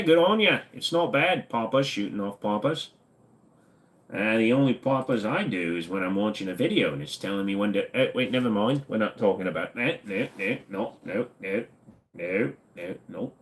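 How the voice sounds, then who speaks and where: Joking laid-back host. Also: male voice, lowish voice. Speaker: streamer host. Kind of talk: casual chat reading viewer comments.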